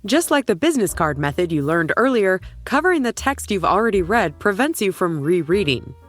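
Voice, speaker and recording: A woman narrating instructions in a clear, steady way. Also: mid-range voice, a little fast, soft background music.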